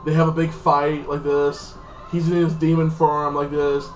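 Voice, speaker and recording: A man's voice: fairly high pitch, completely flat delivery, measured pace. A man giving a casual, rambling episode recap, leaning on filler phrases like "like this". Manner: rambling, repeats "like this" and "freaking". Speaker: TV show reviewer. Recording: echoey room, distant mic, faint music.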